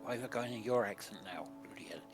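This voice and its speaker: A man's voice: fairly low pitch, quick pace, soft background music. A man playing a tabletop game, joking and casual. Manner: joking, lively. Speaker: player.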